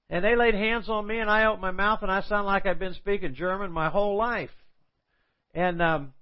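Older guy preaching his testimony, slightly high voice, does the voices of everyone in the story, muffled lo-fi audio. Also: fairly even intonation, brisk. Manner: storytelling, acting out quoted dialogue. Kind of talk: sermon testimony. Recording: dull lo-fi sound.

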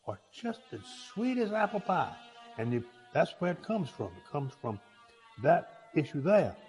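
A man preaching a sermon in a folksy, halting way, often restarting his words. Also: medium pitch, darkish tone, long reverb tail.

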